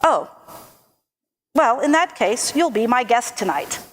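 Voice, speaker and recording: A woman voicing grumpy male giants who shout threats and then turn friendly, in a told folk tale. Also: fairly high pitch, expressive, slow pace. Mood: blustering.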